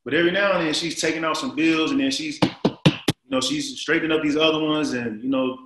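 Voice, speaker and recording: A man in his forties telling a long story as an interview guest, rambling and animated, with many fillers. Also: a little high, brisk, reverberant, heavy background noise. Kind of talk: casual storytelling.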